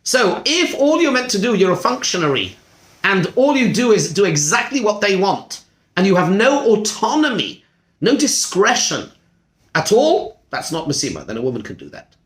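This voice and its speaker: A man teaching a Torah class as a rabbi, animated and full of rhetorical questions. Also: high voice, moderate pace, reverberant. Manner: animated, uses Hebrew terms, asks rhetorical questions. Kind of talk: lively Torah lesson.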